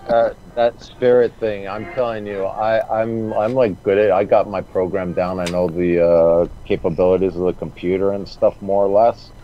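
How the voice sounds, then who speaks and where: A man's voice: deep voice, fairly even intonation, muffled recording, a little hiss or hum. A man co-hosting a casual studio chat, rambling and drawing out his words. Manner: rambling, drawn-out, laughing. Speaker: co-host.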